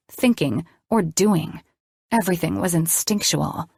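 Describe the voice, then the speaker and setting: A woman reads a first-person audiobook in a measured, expressive storytelling voice. Her pitch sits a little low. The recording is dry and close, with no room sound. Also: vocal fry, breathy edge, no room sound. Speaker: audiobook narrator.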